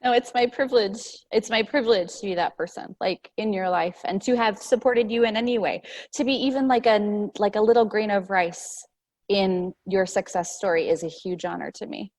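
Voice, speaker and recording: An earnest woman talks on a video call, heartfelt and loose with her words. Her voice sits at a middling pitch for a woman. She strings thoughts together with plenty of casual fillers. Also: steady tone, moderate pace, a little mellow. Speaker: casting director and show host. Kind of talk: casual panel chat.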